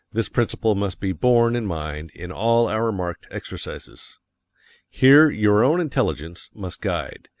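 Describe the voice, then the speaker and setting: Low-voiced man reading an audiobook. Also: no room sound. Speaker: audiobook reader. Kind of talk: scripted audiobook narration.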